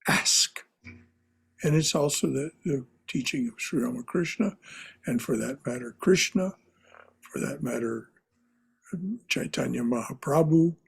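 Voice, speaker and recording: A man teaching a spiritual class in a slow, reflective way, often repeating his phrases softly. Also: mid-range voice, gravelly, husky. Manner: repeats phrases, soft and contemplative.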